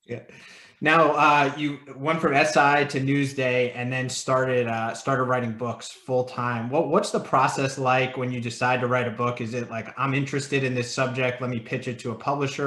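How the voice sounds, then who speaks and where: A man's voice: mid-range voice, little pitch movement, moderate pace, sharp tone. A man interviewing an author, asking loose, rambling questions. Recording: roomy echo.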